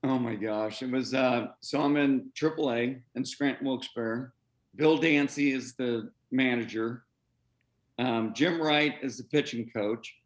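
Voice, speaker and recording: A middle-aged man in an interview, a former baseball pitcher, tells his story with lively energy. He acts out the voices of the people in it and his pitch sits in an ordinary middle range. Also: measured pace. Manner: animated, acts out quoted voices, breaks into laughs.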